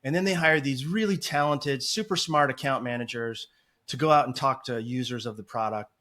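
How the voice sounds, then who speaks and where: A talkative man as a podcast guest, telling stories in animated, rambling interview chat. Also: mid-range voice, brisk. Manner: talkative and animated, apologizes for long answers. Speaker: podcast guest, agency founder.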